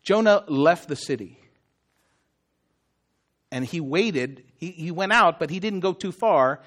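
A male pastor preaching a sermon in an animated, conversational way, often asking his listeners questions. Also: on the high side, a little slow.

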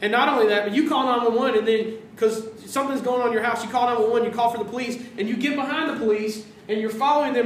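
A man preaching a sermon as pastor, animated, acting out quoted voices and dropping to hushed tones. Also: very high-pitched, quick pace, few pauses, slight background noise. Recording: roomy sound from a distance.

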